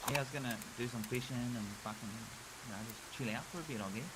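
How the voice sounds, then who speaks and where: A man's voice: medium pitch, fast talker. A man chatting casually over game voice chat, swearing freely and laughing easily. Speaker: game player and channel host. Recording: loud background noise.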